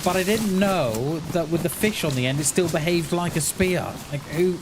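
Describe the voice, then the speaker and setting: Against a noisy background, a man whose voice is on the high side chats at a moderate pace during a gaming livestream. He rambles, laughs frequently, and pokes fun at himself.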